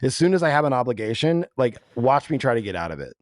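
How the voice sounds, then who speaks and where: A man co-hosting a podcast, animated and chatty, telling stories with quick asides. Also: mid-range voice, dry recording. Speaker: podcast co-host. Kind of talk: casual chat.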